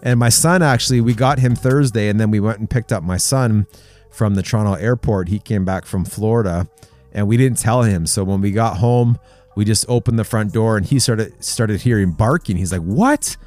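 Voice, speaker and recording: An earnest man with a somewhat low voice hosts a casual Christian men's talk, chatting his way through stories and points. Soft music plays faintly underneath. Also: normal speed. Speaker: host.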